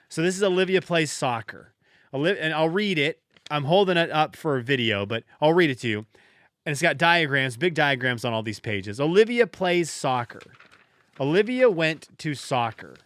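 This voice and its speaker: A man's voice: on the high side, fairly bright tone, no room sound. A man hosting a podcast alone, telling stories in a rambling, self-deprecating way with frequent restarts, close to the mic. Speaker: podcast host. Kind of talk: casual solo podcast monologue.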